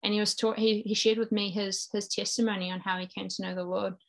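A woman's voice: mid-range voice, level tone, fast talker, vocal fry. A woman with a New Zealand accent, in her thirties, tells her story of faith in an earnest, reflective way. Her voice sits in an ordinary middle register for a woman. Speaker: guest. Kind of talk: personal faith testimony in conversation.

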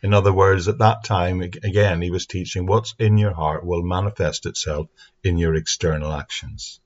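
A man giving an earnest, steady Bible teaching talk into a microphone for an online audience. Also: deep voice, moderate pace. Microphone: speaking into a mic. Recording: dull lo-fi sound.

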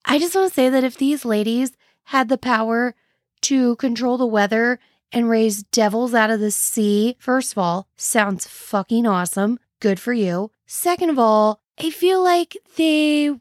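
A woman's voice: fairly high pitch, a little slow, dry recording, clean studio sound. A woman hosting a casual history podcast, telling the story with wry, sarcastic asides. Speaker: podcast host.

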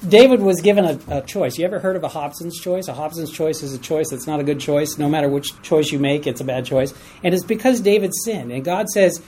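A teacher leading a Bible study class, asking group members to read verses and explaining them in an animated way. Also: medium pitch, brisk, a little hiss or hum, low-quality recording. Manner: animated, asks the class for readers, chuckles at stories. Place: room with a class.

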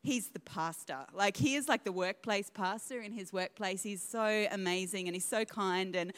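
A woman's voice: medium pitch, normal speed, fairly bright tone, long reverb tail. A woman in her thirties with an Australian accent, a guest pastor giving a sermon in a church, chatty and self-deprecating with laughing asides. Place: church auditorium.

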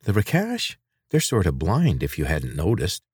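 A sharp-tongued teenage girl, put on by a man reading a story aloud, blunt, sarcastic and quick to take offense. Her voice rides higher than his own and swings lively up and down. The sound is dry and close. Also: slightly rough, no room sound, full character voice. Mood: brisk, impatient.

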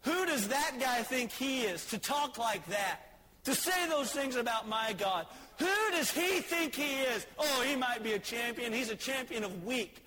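A scrappy young shepherd boy hurls indignant, shouted challenges, as a male preacher plays him. His voice rides very high, with a faint hiss underneath. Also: lively intonation, unhurried, exaggerated voice. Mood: defiant.

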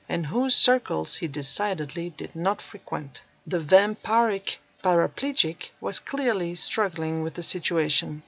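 A woman narrating a storybook in a measured, even way. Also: on the low side, dry recording. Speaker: audiobook narrator. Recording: dull dry recording.

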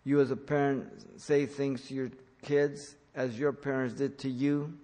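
A man's voice: mid-range voice, flat delivery, unhurried, warm tone, big-room sound. A man preaching an earnest sermon, speaking as a pastor who repeats key points for emphasis.

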